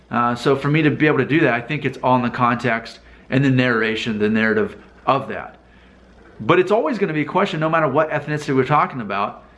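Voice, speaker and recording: Speaking straight to camera, this male vlogger offers casual commentary, musing aloud, posing rhetorical questions and restarting his thoughts. He has a medium-pitched voice with a fairly bright tone.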